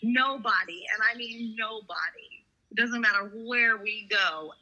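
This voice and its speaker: A woman's voice: on the high side, measured pace, pushed and bright. A woman chatting on a podcast, teasing her partner and laughing often. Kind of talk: casual podcast chat. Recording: dull lo-fi remote audio.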